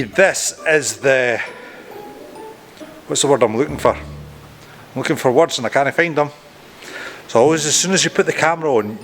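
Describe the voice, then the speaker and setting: A man with a fairly high-pitched, somewhat bright voice films casual to-camera outtakes for his boat-building vlog, indoors aboard a boat under construction. He trips over his words, mocks himself, and swears at his own slips as he goes.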